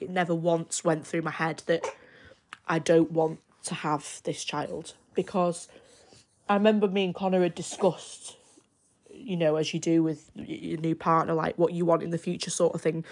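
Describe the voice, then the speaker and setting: A woman's voice: low-pitched, gravelly. A young woman hosting a personal podcast, telling her story in a chatty, rambling way full of fillers. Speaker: podcast host.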